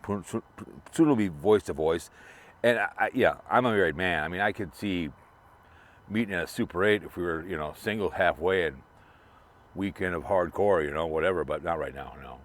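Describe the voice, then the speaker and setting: A man's voice: sits low, moderate pace. A man talking in a loose, rambling way, repeating himself while he drives and remembers a friend. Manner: rambling, repetitive, restarts a lot. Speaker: vlogger remembering a late fellow creator. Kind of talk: casual rambling monologue.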